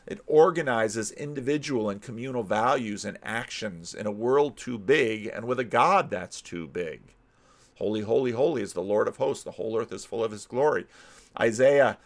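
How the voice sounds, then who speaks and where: A middle-aged American pastor talks through an idea at an easy, unscripted pace. His voice sits at an ordinary male pitch, and he often stops and repeats a word as he works toward his point. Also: normal speed, a bit bright. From United States. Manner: thinking aloud, frequent restarts and repeated words. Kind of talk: casual teaching talk.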